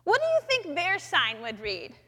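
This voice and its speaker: High, bright woman telling a chapel testimony. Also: normal speed. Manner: lively storytelling, acting out her own thoughts. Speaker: chapel speaker sharing a faith story. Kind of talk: personal testimony talk. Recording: long echoey hall reverb.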